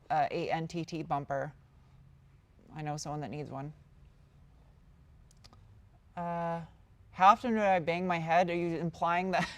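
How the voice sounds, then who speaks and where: A woman casually answering viewer questions on a live stream, rambling and chatty as she reads out each question. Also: sits low. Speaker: car-build YouTuber answering live chat.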